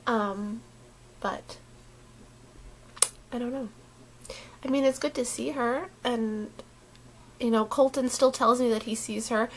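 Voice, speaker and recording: A woman's voice: on the high side, fairly even intonation, a little hiss or hum. Uneasy rambling woman vlogger. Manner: rambling, halting, with many restarts and fillers; unsettled and worried. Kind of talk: casual talk to camera.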